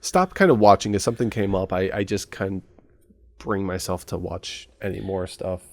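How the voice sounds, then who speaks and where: Brief: lower-pitched male co-host, hesitant casual chat, dry recording. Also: steady tone, normal speed, no echo. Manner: hesitant, repeats words. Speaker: co-host of an anime review show.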